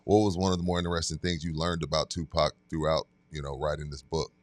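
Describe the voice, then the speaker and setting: A man with a very low voice hosts a casual interview. His questions ramble and restart, and his voice sounds close and dry. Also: little pitch movement, quick pace, no echo. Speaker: show host.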